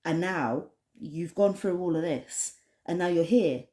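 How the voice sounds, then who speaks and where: Woman from the United Kingdom, oracle card reader, chatty, passionate, low voice, echoey room. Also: unhurried, dark tone. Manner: chatty and passionate, with many restarts. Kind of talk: casual spoken card reading to camera.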